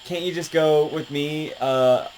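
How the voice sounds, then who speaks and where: A woman's voice: sits low, measured pace, darkish tone, soft background music, voice pushed up. A man voicing a spoiled, scheming teenage girl in a sing-song, sweet-talking way. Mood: fawning.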